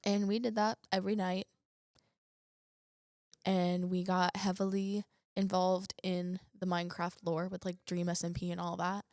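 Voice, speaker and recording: A teenage girl, a chat show guest, talking loudly and playfully and laughing often. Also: lowish voice, flat delivery, measured pace, no echo, clean studio sound. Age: teens. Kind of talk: casual chat.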